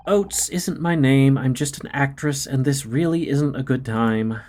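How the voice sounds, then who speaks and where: A woman's voice: a bass voice, measured pace, a little mellow. A streamer voicing a bitter, recently sacked female TV actress who talks in a weary, curt way.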